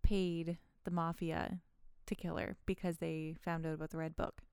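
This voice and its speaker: A woman's voice: sits low, level tone, moderate pace, a little mellow, clean tone, no echo, clean studio sound. A woman co-hosting a podcast in casual chat, reacting briefly, laughing often and bringing up theories. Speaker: podcast co-host.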